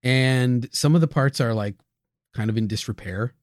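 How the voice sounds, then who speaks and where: A man's voice: medium pitch, moderate pace, dry recording, clean studio sound. A man co-hosting a casual podcast, chatty and joking in a laid-back way. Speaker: podcast co-host.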